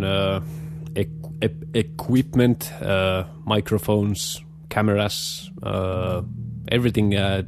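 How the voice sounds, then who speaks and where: Young Scandinavian-accented man, low voice, very slow hesitant delivery, guitar music underneath. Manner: hesitant, many filler pauses. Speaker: show host. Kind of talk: casual rambling monologue.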